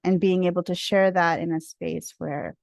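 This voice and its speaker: A woman from India speaking in a talkative, expressive way. She is a guest speaker in a discussion and drifts into tangents. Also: on the low side, moderate pace, creaky, no echo. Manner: talkative, expressive, easily sidetracked. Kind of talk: casual discussion.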